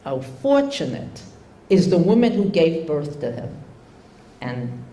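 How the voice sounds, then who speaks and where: Older woman, low mellow voice, storytelling talk, many fillers and restarts, echoey room. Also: big pitch swings. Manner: unhurried, with frequent fillers and restarts. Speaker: speaker giving a religious talk.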